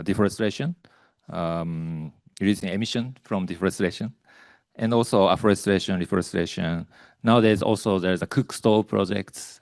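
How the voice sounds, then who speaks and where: A man chairing a conference panel, speaking hesitantly with many pauses and fillers. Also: low voice, a little mellow, no echo, clean studio sound. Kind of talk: moderating a panel.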